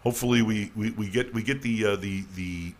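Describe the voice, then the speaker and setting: A man's voice: fairly low pitch, fairly quick, slight background noise. A man hosting a casual radio talk show, rambling with restarts and jokey asides, with a slight New York accent. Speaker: host.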